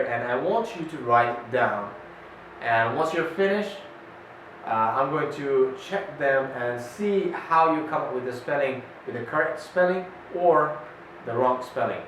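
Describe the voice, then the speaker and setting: A man teaching a classroom pronunciation lesson, speaking deliberately, pausing with "uh" and repeating each model word. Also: medium pitch, fairly bright tone. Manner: slow, deliberate, with many "uh" pauses and repeated model words. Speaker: English teacher. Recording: echoey room, voice far from the mic, faint noise.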